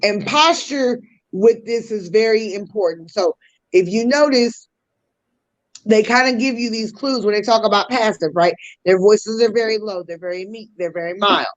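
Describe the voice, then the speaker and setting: A woman's voice: medium pitch, moderate pace, dull audio. A woman hosting a podcast, explaining communication styles in a teaching tone with casual slang asides. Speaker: podcast host.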